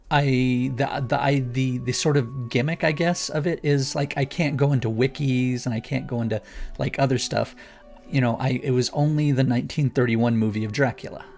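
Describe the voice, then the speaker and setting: Male guest, gravelly, eager rambling explainer, faint music under. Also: mid-range voice, darkish tone. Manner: rambling, enthusiastic explainer with many restarts. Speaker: guest author. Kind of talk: casual chat.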